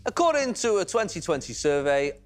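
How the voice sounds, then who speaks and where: In a TV studio with an audience, a game show host with a high, very animated voice speaks briskly. He hosts a quiz show, chatting with and teasing the contestants, while soft music plays in the background.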